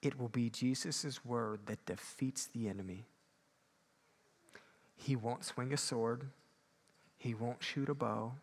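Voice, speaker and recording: Man preaching with loud and soft swings. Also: steady tone, takes it slowly, pauses often. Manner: swings between loud emphatic peaks and quiet low asides. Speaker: pastor. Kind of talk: sermon.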